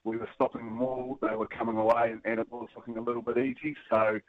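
A man's voice: medium pitch, level tone, quick pace, no echo. A man, a guest calling in, talking casually with hesitant restarts and fillers. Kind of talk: casual phone-in chat. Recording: phone line.

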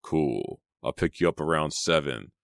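Secretive young guy, read by a man in his own super deep voice, calm and slow, dry sound. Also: creaky, no echo, heavily acted. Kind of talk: audiobook character reading.

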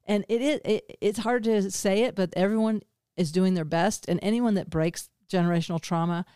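Podcast host, middle-aged woman; smooth resonant voice, dry close sound, chatty and expressive. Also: medium pitch, moderate pace, no echo. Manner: chatty, expressive, laughs often. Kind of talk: casual conversation.

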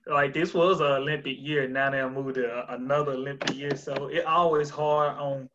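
A man's voice: mid-range voice, steady tone, normal speed, a bit bright, muffled recording. A young man from North Mississippi with a Southern accent, talking easily and laughing often as a podcast guest. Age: young adult. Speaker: college track athlete guest. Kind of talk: casual podcast interview.

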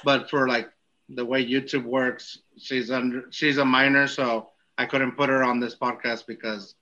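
A man's voice: medium pitch, little pitch movement, normal speed, sharp tone. A man hosting a podcast, joking and cutting in to steer the conversation. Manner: jokey, interrupts to steer the talk. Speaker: podcast host. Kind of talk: casual chat. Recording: dull lo-fi sound.

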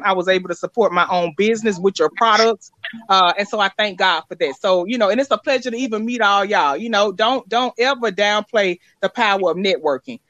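A woman's voice: medium pitch, fairly bright tone, no echo, muffled recording. A woman on a video call giving a rambling, heartfelt tribute as a sponsor, with repeated words and many fillers. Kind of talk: casual heartfelt speech.

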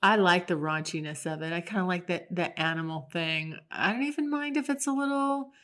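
A woman's voice: fairly low pitch, brisk, fairly bright tone. A young adult woman hosting a podcast, talking alone in a frank, chatty way with frequent restarts. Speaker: podcast host. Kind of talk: casual solo monologue.

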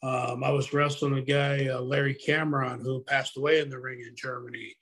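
A man, a former wrestler, telling his own story in a relaxed, profane, halting way. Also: medium pitch. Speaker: retired pro wrestler, guest. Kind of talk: casual storytelling chat.

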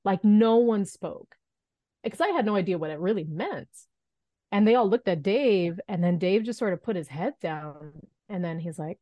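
A woman in her thirties telling a story as a podcast guest, animated and acting out the voices she quotes. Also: medium pitch, a little fast, no room sound, highs cut off. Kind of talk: storytelling in an interview.

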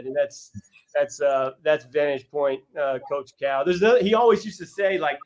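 A man's voice: fairly high pitch, fairly even intonation, brisk. A man in his thirties, a basketball coach, talking earnestly as a guest in a casual interview. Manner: earnest, reflective storyteller.

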